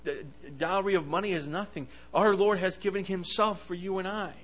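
A man delivers a fervent sermon in a slightly high voice. He swings between loud, emphatic bursts and hushed asides. He often stumbles and restarts his words as he goes. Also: steady tone, normal speed, rough recording. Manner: impassioned, swings loud and soft, stammering restarts. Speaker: preacher.

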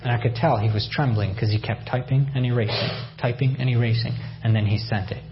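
A man's voice: medium pitch, steady tone, brisk, highs cut off, background noise. A man from Iran giving a personal faith testimony, telling his story with emotion and repeated phrases. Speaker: testimony speaker.

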